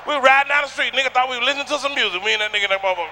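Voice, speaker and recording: A man doing a stand-up comedy routine on a theater stage, loud and rowdy, shouting punchlines at the crowd. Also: very high voice, racing, slight background noise.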